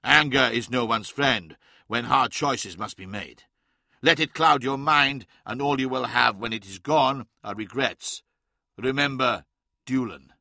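A noble male warrior-prince pleads and commands in a bright, gravelly voice, as a man voices him for an audiobook. The sound is close and dry. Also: mid-range voice, a little slow, no room sound, exaggerated voice. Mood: pleading.

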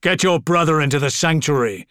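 Man voicing stern wounded lord, barking orders, higher strained voice, audiobook. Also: moderate pace, fairly bright tone, smooth, no room sound, studio quality, close to an everyday voice. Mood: commanding. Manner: barked orders through gritted teeth. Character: stern wounded older male lord, commanding.

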